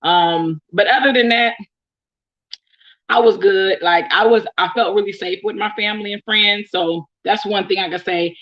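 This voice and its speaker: Speaking at normal speed in a mid-range voice, a young Bay Area woman from Oakland, California, answers questions from her followers on camera. The recording loses its high frequencies, and her casual talk is full of laughs and ums.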